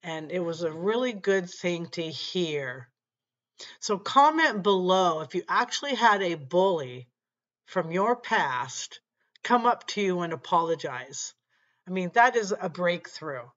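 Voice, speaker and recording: A woman vlogger telling a personal story in a casual, unhurried way, often saying "you know" and "like". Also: on the low side, lively intonation, a bit bright. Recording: dull lo-fi recording.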